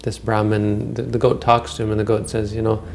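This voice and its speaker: A man's voice: fairly low pitch, monotone, fairly quick, gravelly, noisy background. A man giving a Buddhist dharma talk, retelling old stories in a rambling, conversational way with frequent restarts. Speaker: Buddhist teacher.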